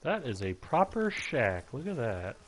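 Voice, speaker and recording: A man's voice: mid-range voice, big pitch swings, a little slow, slight background noise. A man giving casual, self-deprecating commentary while playing a game at home, chatting to his cats in between. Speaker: game streamer.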